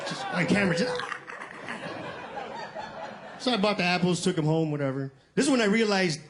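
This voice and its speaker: A high-pitched man working a stand-up set, telling his story with big animated energy and jumping into other people's voices. He swears freely and keeps it loose and conversational. There is a clear wash of background noise under his voice. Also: moderate pace, a faint crowd. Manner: animated, acts out quoted voices, swears casually. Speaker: stand-up comedian.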